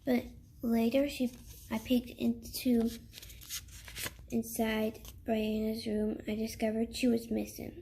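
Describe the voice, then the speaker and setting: Woman reading a story aloud, higher voice, halting with restarts, light background hiss. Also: little pitch movement, vocal fry, mellow. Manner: halting, stumbles and restarts, breaks off to chat. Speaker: reader.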